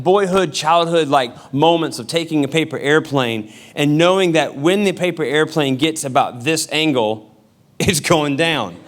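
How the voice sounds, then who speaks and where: A man's voice: on the high side, fairly bright tone. A male pastor giving a sermon in a casual, joking storytelling manner. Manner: casual, humorous storytelling with acted-out quotes.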